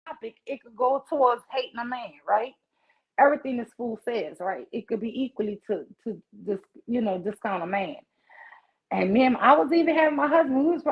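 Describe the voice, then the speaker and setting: A woman in her forties, a guest on a livestream, tells her story over a video call with outrage and emphasis in a candid conversation. Her voice is on the high side and slightly rough, and the stream audio is muffled and lo-fi.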